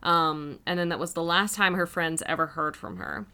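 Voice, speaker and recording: A woman in her late twenties co-hosting a true crime podcast, her voice bright and forward and sitting a bit low for a woman. She chats casually, full of "um" and "like," with giggly asides between the facts. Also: normal speed, clean tone. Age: late 20s. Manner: chatty, lots of "um" and "like", giggly asides. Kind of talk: casual chat.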